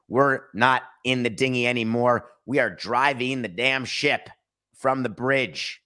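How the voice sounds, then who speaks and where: A man's voice: low voice, sharp tone. A man hosting a podcast, giving emphatic and sarcastic opinionated sports talk. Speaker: podcast host.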